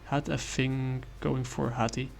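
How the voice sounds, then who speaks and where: Gravelly man rambling through a comic review. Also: medium pitch, level tone, a little slow, faint music behind. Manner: rambling, lots of fillers and apologies.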